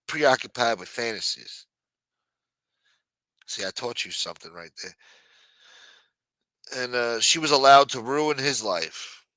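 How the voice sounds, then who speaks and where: A man hosts a late-night livestream, ranting casually and reading the news aloud in a blunt, mocking, profane way. His mid-range voice sounds pushed and bright, and the recording is dry and low in quality.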